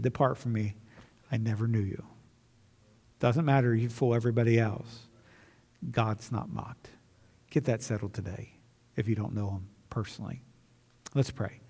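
An earnest pastor preaches and prays, circling back to the same phrases as he goes. His voice sits at an ordinary middle pitch for a man. A long reverb from the church sanctuary trails behind his words. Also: steady tone, normal speed, vocal fry, long pauses, dark tone. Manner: earnest, repetitive preaching with restarts. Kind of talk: sermon and closing prayer.

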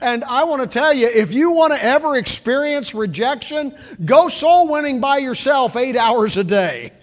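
An older man giving a sermon with folksy storytelling, shifting from loud emphasis to quiet, intimate moments. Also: extremely high pitch, lively intonation, moderate pace. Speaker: preacher. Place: large church hall. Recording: reverberant church hall.

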